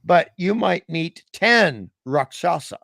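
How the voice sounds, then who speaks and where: A man from Australia co-hosting a casual comedic podcast chat, excitable and jokey, laughing often. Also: on the high side, takes it slowly, gravelly, no room sound. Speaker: podcast co-host.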